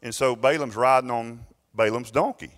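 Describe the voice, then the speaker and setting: A man's voice: mid-range voice, moderate pace, fairly bright tone. A man preaching a sermon as pastor, retelling a story and acting out its voices. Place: church sanctuary. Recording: long reverb in a church hall.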